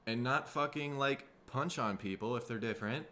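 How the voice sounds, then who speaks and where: A man from Minnesota, hosting a casual solo podcast, tired and rough in the throat, rambling and swearing freely. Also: mid-range voice, normal speed, bright, forceful tone. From Minnesota, USA. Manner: rambling, profane, laid-back. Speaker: podcast host.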